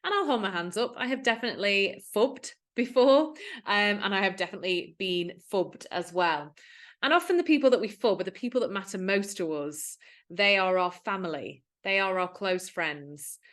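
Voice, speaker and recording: A woman gives a friendly explainer to camera as a digital wellbeing coach. She talks in an earnest, conversational way and slips into quoted dialogue to make her points. Her voice sits at a middle pitch for a woman. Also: a bit bright.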